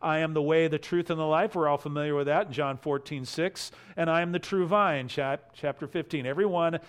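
Male pastor, higher-pitched voice, expository sermon, emphatic delivery. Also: fairly even intonation, fairly quick. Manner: expository preaching, quoting scripture verse by verse; emphatic swells in level on key phrases.

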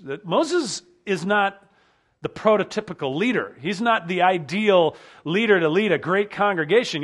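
A male pastor preaching a sermon earnestly, often dropping low and quiet to stress a point.

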